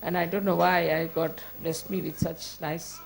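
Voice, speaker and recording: A woman's voice: lowish voice, level tone, moderate pace, gravelly, heavy background noise. A woman giving an informal spiritual talk as a teacher, conversational and firm, chiding at times and often laughing.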